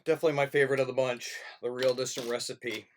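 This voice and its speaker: A man's voice: medium pitch, steady tone, fast, a little hiss or hum. A man, a film teacher, chatting playfully and rambling through a casual livestream to his students.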